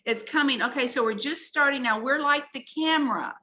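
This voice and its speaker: Female guest, clear and slightly high, earnest and awed as she walks through slides. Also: fairly quick, sharp tone, slight background noise. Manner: earnest, wonder-filled explaining. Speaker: guest presenting her research. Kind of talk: explanatory talk-show conversation with slides.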